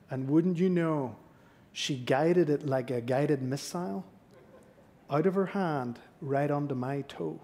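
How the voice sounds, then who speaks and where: A middle-aged man delivers a sermon in a church sanctuary with a slightly high voice. He tells stories about himself in a self-deprecating, confessional way. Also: darkish tone. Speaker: guest preacher.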